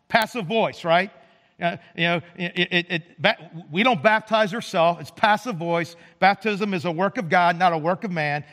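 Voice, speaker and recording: Predicador de voz aguda en una sala con eco. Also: male voice, sits high, normal speed, a bit bright, in a large hall. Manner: conversational, repeats words, asks "right?". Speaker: pastor. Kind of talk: sermon. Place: church sanctuary.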